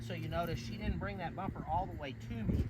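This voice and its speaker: A man's voice: high voice, fairly even intonation, fast. A man teaching dog training beside a pond, explaining steadily and then cheering and praising the dog. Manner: coaching, turning into loud cheering and praise for the dog. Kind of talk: outdoor dog training lesson. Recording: distant mic with loud outdoor noise.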